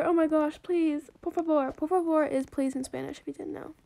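A woman's voice: high voice, fairly even intonation, moderate pace, dark tone. A young woman chatting casually as she commentates her own gameplay, bubbly and pleading by turns, joking at herself. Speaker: gaming vlogger.

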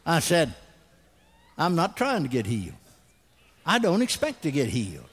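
Animated high-voiced older preacher. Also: male voice, normal speed, pauses often, slightly rough. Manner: animated storytelling with loud acted laughter. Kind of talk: sermon.

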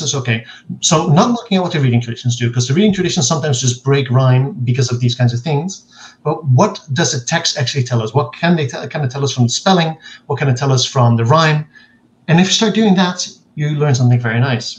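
A man speaking as a linguist guest in an interview, explaining in a measured way and acting out quoted examples. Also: on the high side, rough recording.

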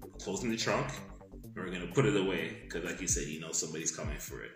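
A man's voice: low-pitched, quick pace, music in the background. A man on a podcast casually retelling a film plot, swearing freely and acting out sound effects. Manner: animated, profane movie retelling with sound effects. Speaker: podcast co-host. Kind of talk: casual storytelling chat. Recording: echoey room.

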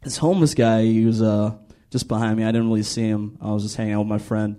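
A man's voice: fairly low pitch, fairly even intonation, fast talker, mellow, rough recording. A young man doing a stand-up set in a small comedy club, rambling with lots of fillers and slipping into mocking voices for his characters. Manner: rambling, filler-heavy delivery with mock-voiced quotes.

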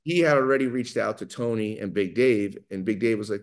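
A middle-aged man with a New York accent, talking fast and loud as he tells animated stories in an interview. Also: fairly low pitch. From New York area. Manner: fast, loud, animated storyteller who acts out quotes. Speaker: guest, pizza maker. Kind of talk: storytelling in an interview.

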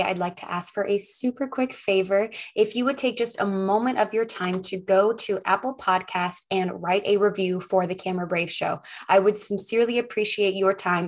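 Upbeat, expressive woman podcast host. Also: medium pitch. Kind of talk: solo podcast talk. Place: home.

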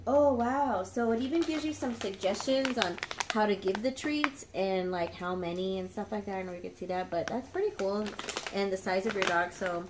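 A young woman casually chatting as she unboxes a dog subscription box, excitable and gushing, stopping to talk to her dogs. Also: mid-range voice, moderate pace, noisy background. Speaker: dog channel vlogger.

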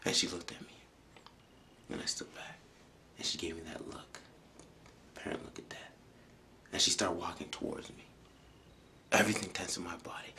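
Deep-voiced man telling a personal story. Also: fairly quick, vocal fry, pauses often. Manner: earnest, drops often to hushed near-whispers for emphasis. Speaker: public speaker.

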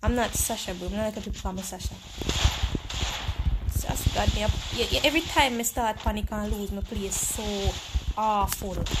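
A woman with a Jamaican accent commenting live on her game, excitable and teasing her opponent. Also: mid-range voice, brisk, heavy background noise. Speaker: game streamer.

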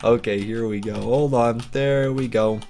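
A man's voice: medium pitch, steady tone, measured pace, darkish tone. A young man hosting a casual game commentary, playful and chatty, laughing often. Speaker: gaming video host.

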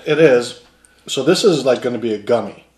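Relaxed man chatting in an echoey room. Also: mid-range voice, moderate pace, a little hiss or hum. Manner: relaxed, chatty, laughing between bites. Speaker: snack reviewer host. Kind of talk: casual taste-test chat.

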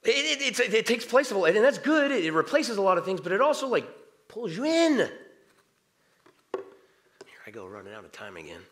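A middle-aged man preaching a sermon in a church. His talk is conversational, and he swings between quiet prayer and animated outbursts. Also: sits high, brisk, long pauses. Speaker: pastor. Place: church sanctuary.

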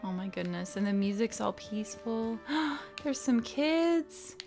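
A woman giving chatty, excitable commentary while playing a video game. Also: fairly high pitch. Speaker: let's play gamer. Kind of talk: casual gameplay commentary.

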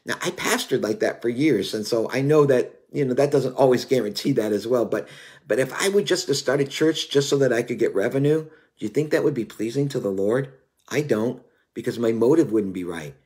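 A man's voice: medium pitch, fairly quick, a little mellow. A man in his fifties preaches earnestly and confessionally. He tells his own story with frequent "you know"s while he searches for words. His voice sits in an ordinary middle range. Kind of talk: sermon.

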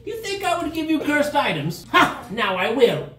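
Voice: high-pitched, big pitch swings, moderate pace, bright, forceful tone, pitched above the performer's own voice, exaggerated voice. A game master voicing an eccentric old male wizard who is gleeful and scatterbrained and who teases and trails off absently. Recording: echoey room, mic far off, noisy.

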